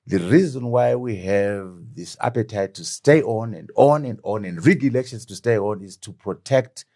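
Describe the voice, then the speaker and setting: A middle-aged Zimbabwean man, once a deputy prime minister, is the guest in an animated political interview. His voice sits fairly low and sounds mellow, and he talks at a normal speed. He is emphatic and fond of rhetorical questions.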